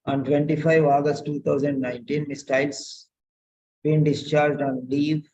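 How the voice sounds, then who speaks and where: A man tutoring nursing students, correcting a written letter aloud, slow and repetitive, often asking pointed questions. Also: on the high side, little pitch movement, mellow, rough recording.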